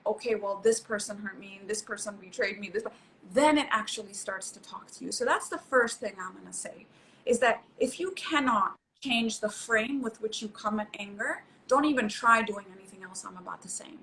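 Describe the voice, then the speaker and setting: On poor audio with a little hiss or hum, a middle-aged psychologist guest explains conversationally, coaching emphatically and often repeating things for stress. She speaks on the high side at a normal speed, expressive and fairly bright in tone.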